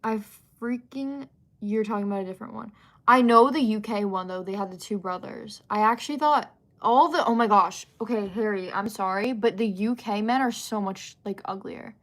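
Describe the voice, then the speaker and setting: A woman's voice: mid-range voice, normal speed, fairly bright tone. A young woman hosting a livestream, chatting casually and reading out viewer comments, with lots of fillers and giggly asides. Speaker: livestream host.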